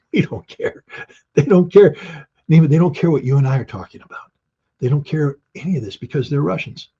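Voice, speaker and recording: Blunt, emphatic man with a husky voice. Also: fairly high pitch, fast, warm tone, highs cut off. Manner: emphatic, blunt, rhetorical questions. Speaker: guest commentator. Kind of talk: opinionated interview talk.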